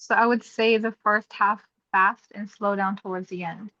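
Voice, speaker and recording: A woman's voice: medium pitch, fairly even intonation, normal speed, sharp tone, no room sound. Female student, tentative and questioning, muffled dry recording. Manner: tentative, thinks aloud. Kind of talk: asking questions in class. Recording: dull dry sound.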